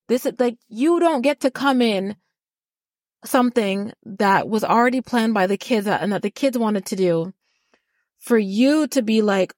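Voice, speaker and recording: A woman's voice: a little high, a little slow, darkish tone, no echo, clean studio sound. A woman co-hosting a podcast, giving a blunt, heated recap rant and swearing freely. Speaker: podcast co-host. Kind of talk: casual reality-TV recap rant.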